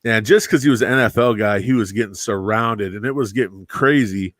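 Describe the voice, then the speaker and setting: A man in casual chat, telling old security-guard stories with lively delivery that jumps up and down for each character he quotes. His voice sits mid-range and sounds close and dry, with no room around it. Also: on the low side, a little fast, no echo. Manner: animated storyteller acting out quotes, says bro and dude.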